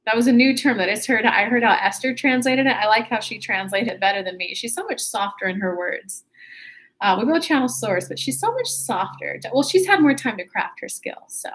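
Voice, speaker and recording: Woman, livestream host, upbeat and talkative, a bit high, webcam mic. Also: expressive, brisk, fairly bright tone. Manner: chatty, upbeat, with laughs and self-corrections. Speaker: spiritual channeler hosting a livestream. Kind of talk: casual livestream talk to viewers.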